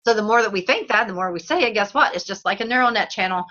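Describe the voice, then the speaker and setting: A woman hosting a casual teleseries chat, bubbly and quick to laugh, who acts out little voices as she talks. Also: medium pitch, pushed and bright, dull audio. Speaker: host. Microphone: phone or call line.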